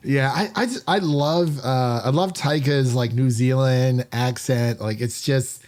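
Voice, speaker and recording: A man's voice: mid-range voice, measured pace, darkish tone. A man hosting a film podcast in a casual, upbeat and chatty manner. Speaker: podcast host.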